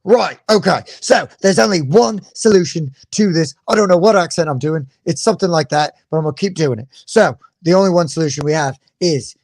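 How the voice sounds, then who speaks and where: Scheming villager with a rough put-on English accent, gravelly and dry-sounding, played by a man as a loose comedy bit. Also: fairly high pitch, a little fast, few pauses, a little mellow, no room sound. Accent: vague put-on English accent. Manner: conspiratorial, rambling. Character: scheming male villager plotting against adventurers.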